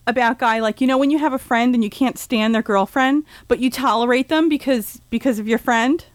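A woman with a high, bright pitch hosts a casual comedy talk show. She talks with dry, close sound and lands sarcastic jokes in quick asides. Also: dry recording.

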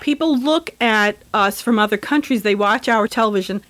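A woman's voice: mid-range voice, normal speed, fairly bright tone. A woman in casual chat who talks bluntly and rants with lots of profanity.

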